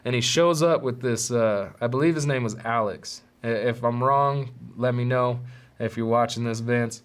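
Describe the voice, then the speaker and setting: A man hosting a podcast, telling a story in a casual, animated, profane way with street slang. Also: mid-range voice, normal speed. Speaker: podcast host.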